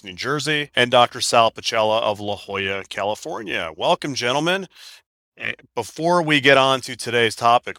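A middle-aged man hosting a talk podcast, with a fairly low voice that rings bright and forceful. He sounds upbeat and laughs easily. The sound is dry and close. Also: clean tone, dry recording. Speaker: podcast host. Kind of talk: casual chat.

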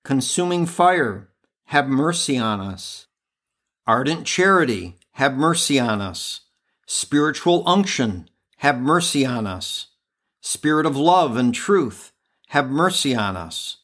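Guy reading prayers real slow and reverent, steady calm delivery. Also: medium pitch. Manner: measured, reverent recitation. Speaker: podcast prayer leader.

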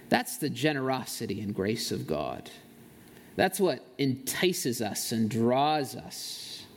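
A man's voice: medium pitch, a little mellow, slight background noise. A man preaching a sermon as pastor of a church, reading scripture, leading a prayer and talking in a conversational way with playful asides. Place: church sanctuary.

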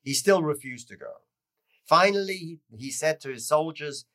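A man teaching through a lecture that tells a story, with lively swings in pitch and loudness. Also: moderate pace. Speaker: teacher of Jewish history.

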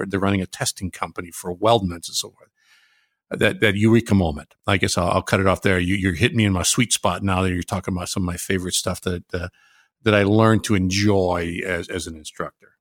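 An older retired man, a former welding instructor and now a pastor, talking earnestly with many halting restarts. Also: sits low, no echo, clean studio sound. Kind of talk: reflective conversation.

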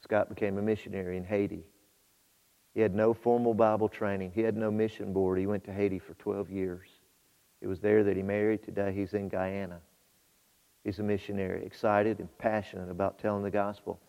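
A man's voice: lowish voice, level tone, brisk, creaky. Fervent male preacher in an echoing hall. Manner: swings from quiet storytelling to loud, fervent exhortation. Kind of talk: sermon. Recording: muffled hall with long reverb.

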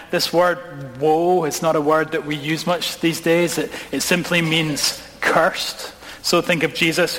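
Male pastor, sermon, fairly high voice, long hall reverb, slows and drops low on key words. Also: fairly bright tone. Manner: dramatic slowing and dropping voice on key words; engaging questions to the congregation.

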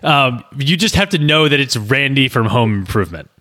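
A man's voice: mid-range voice, normal speed. A man rambling and stammering through a comedic script read-through chat. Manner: rambling, stammering, earnest deadpan. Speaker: co-host, script writer.

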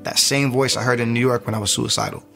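A young man shares his life story on a podcast in loose, everyday talk, full of restarts and quick asides. His pitch sits in an ordinary middle range, and faint music plays quietly under his voice. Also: creaky. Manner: animated storytelling, rises when reliving the moment. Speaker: podcast guest. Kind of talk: testimony in casual talk.

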